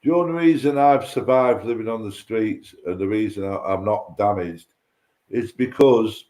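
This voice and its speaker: A man's voice: on the low side, moderate pace, dark tone. Rambling sweary man. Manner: rambling, heavy swearing, acts out quoted voices. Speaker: guest. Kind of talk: casual storytelling chat.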